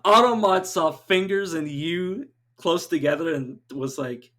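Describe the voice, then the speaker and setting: A man's voice: a little high, a little slow, hardly any pauses, fairly bright tone. A young man streaming a video game live, chatting to viewers and dissolving into helpless laughter. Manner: giggly, breaks into helpless laughter.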